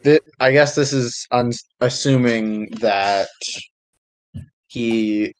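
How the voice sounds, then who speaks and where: Man, slow unhurried chat, hesitant, lots of fillers, faint hiss behind. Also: mid-range voice, low-quality recording. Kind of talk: casual chat about a fictional sports league.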